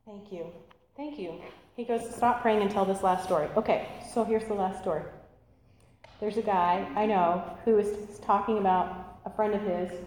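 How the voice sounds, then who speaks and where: A woman preaching a sermon and telling stories, lively and animated, acting out voices as she goes. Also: medium pitch, moderate pace, heavy reverb, in a large hall, slight background noise, poor audio. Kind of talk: sermon storytelling.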